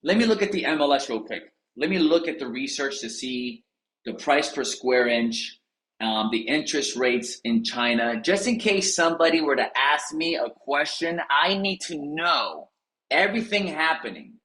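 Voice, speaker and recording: A man's voice: expressive, normal speed, sharp tone. A man voicing a reluctant male real estate agent who mumbles excuses to avoid his calls. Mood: stalling. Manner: mumbling excuses, low and hesitant. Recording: roomy echo.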